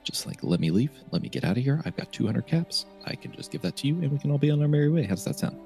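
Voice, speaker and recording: A scrawny, nervous scavenger wheedles and bargains, as a man puts him on for a tabletop game. His voice runs low and hurried, with faint music behind. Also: sing-song, gravelly, a little mellow. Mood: pleading. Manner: pleading, wheedling.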